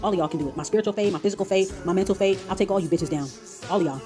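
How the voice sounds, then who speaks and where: A woman rants in a confrontational, profane stream. Her words come very fast over faint background music, pitched at an ordinary middle level. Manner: profane, confrontational, rapid ranting. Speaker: tarot channel host. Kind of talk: heated commentary on played clips.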